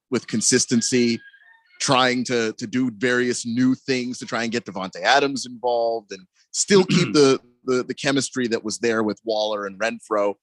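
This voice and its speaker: A man's voice: medium pitch, a bit bright, dry recording. Hesitant male sports radio co-host. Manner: hesitant, many fillers and restarts. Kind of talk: casual sports talk radio.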